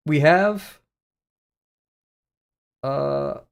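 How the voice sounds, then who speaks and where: A young art streamer with a Southern US accent has a slightly high, creaky voice. He muses aloud as he draws during a casual live stream, rambling, often chuckling and poking fun at himself.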